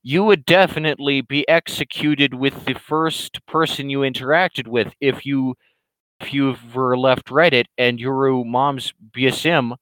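A man voicing a belligerent, loudmouthed male internet troll in a higher, louder, slow and drawn-out ranting voice. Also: steady tone, clean tone, no echo, lightly acted, rough recording. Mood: mocking rant. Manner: ranting, insulting, drawn-out emphatic delivery.

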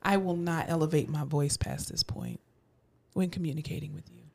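A woman's voice: low voice, normal speed, vocal fry, a little mellow. A woman with a South Florida accent co-hosting a podcast, talking in a sassy, emphatic way with a slight drawl. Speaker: podcast co-host. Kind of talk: casual chat.

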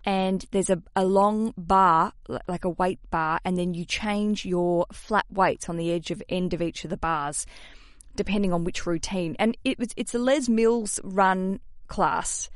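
Animated Australian woman podcast host. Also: a little slow, dry recording, studio quality. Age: mid-30s. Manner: animated, swearing, jumps into high excited peaks. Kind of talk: casual podcast chat.

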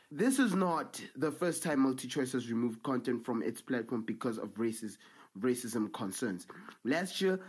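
A man's voice: medium pitch, breathy edge. A young man, ranting angrily as a vlogger with profanity and stammered repeats. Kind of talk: angry ranting commentary.

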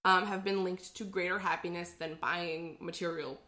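A woman's voice: on the low side, fairly even intonation, moderate pace, pushed and bright. A woman co-hosting a podcast in casual chat, explaining where phrases come from, with lots of fillers. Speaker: podcast co-host. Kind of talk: casual chat sharing trivia.

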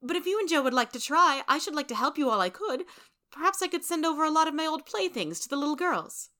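A woman voicing a gentle, kindly young woman in a storybook reading, in a sweet, high tone. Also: sing-song, fast, full character voice.

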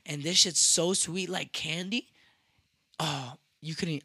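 A man's voice: fairly high pitch, takes it slowly, vocal fry, sharp tone, slightly rough, no echo, clean studio sound. A young man in his twenties telling a rambling, profane story in casual podcast chat, dropping in Spanish phrases. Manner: rambling, profane, with frequent restarts.

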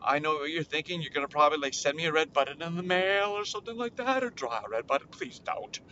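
A man hosting a children's podcast, telling a silly story with playful, animated delivery. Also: fast, muffled recording, slight background noise. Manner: playful, jumps into high character voices.

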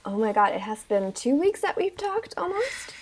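A woman's voice: sits high, very animated, normal speed. Hesitant young German woman chatting. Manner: hesitant, many fillers and restarts, laughs often. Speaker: podcast co-host. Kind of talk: casual chat.

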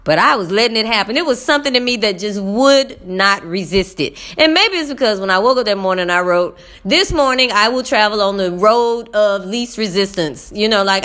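Animated woman teacher telling a story. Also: mid-range voice. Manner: animated, talks to viewers as y'all, acts out dialogue. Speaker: middle school teacher. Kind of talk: casual storytelling to viewers.

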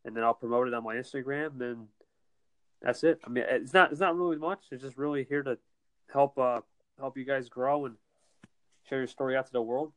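A man's voice: medium pitch, fairly even intonation, a little fast, dry recording. A man from New Jersey chatting casually as an internet radio host, rambling with lots of restarts and fillers. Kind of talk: casual chat. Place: home, winter in New Jersey.

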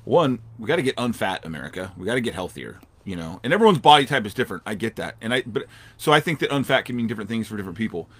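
A man's voice: lowish voice, very animated, fairly bright tone, breathy edge, no echo. A man co-hosting a casual podcast chat, talking in an emphatic, rambling way. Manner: rambling, emphatic, fast talker. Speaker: podcast co-host.

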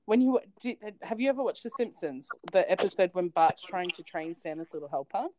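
A woman's voice: on the low side, brisk, noisy background. Chatty, laughing woman podcast co-host. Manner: chatty, laughs often, animated storytelling. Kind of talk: casual chat.

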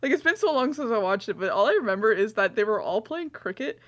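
A young woman with a fairly high voice co-hosts a casual podcast chat. She tells stories in a rambling, giggly way, full of fillers and little restarts. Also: very animated, fast talker, fairly bright tone. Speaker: podcast co-host.

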